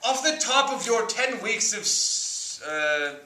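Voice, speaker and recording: A hesitant, courteous therapist, as a man plays him on stage, stumbling over his words and chuckling. The voice is high and very bright with lively swings in pitch. It rings through an echoey room from some distance off. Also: exaggerated voice. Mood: politely probing. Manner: polite, halting, prone to chuckling. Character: fussy male therapist named Roger. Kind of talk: improvised stage scene. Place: comedy stage.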